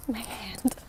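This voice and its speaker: A young woman, chatting and rambling on a walking vlog outdoors, recorded on a handheld phone, sometimes dropping to a whisper for asides. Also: slight background noise. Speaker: vlogger. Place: outdoors on a riverside walk in a city.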